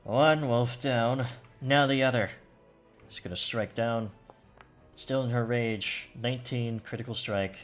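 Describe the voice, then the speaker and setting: Faint music plays behind a man with a mid-range voice who speaks unhurriedly. Running a tabletop game, he narrates combat and rulings loosely, often searching for the right words.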